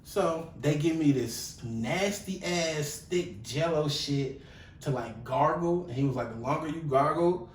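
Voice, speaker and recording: Animated storytelling young man, echoey room. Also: fairly high pitch, slow, far from the mic. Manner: animated, profane, acts out quotes loudly. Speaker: podcast co-host. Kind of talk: casual storytelling chat. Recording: echoey room, voice off-mic, faint noise.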